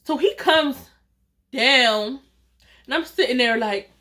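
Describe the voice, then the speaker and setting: A woman vlogger telling a storytime tale in a lively way, often acting out what people said and laughing. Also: high voice, slow. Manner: animated, quotes dialogue, laughs often. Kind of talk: storytime vlog.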